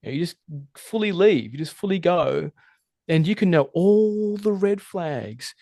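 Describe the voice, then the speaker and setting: A man talking as a relationship coach in a podcast interview, animated and emphatic, swearing freely. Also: high-pitched, creaky, no room sound, clean studio sound. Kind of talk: casual interview conversation.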